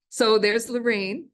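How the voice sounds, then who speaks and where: A woman in her sixties giving a casual storytelling lecture at a museum, chatty and quick to laugh. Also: on the high side. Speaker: guest lecturer, former ship's cook. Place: lecture hall.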